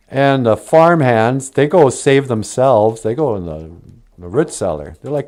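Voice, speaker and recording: A man's voice: mid-range voice, lively intonation, unhurried, a little mellow. A man casually retelling a story for laughs, rambling with filler words. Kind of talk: comic retelling of a film.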